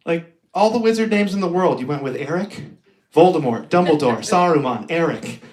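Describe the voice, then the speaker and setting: A man's voice: high-pitched, a little fast. Self-deprecating young male comic, echoey room. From Pacific Northwest of the US. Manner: self-deprecating, conversational, laughs between jokes. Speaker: stand-up comedian. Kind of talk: stand-up comedy set. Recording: roomy live stream audio.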